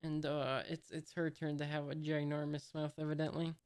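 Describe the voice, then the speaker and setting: A reader casually reading a comic aloud, hesitant with many "uh"s, even reading out the punctuation marks. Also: medium pitch, moderate pace, smooth. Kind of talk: casual read-aloud commentary.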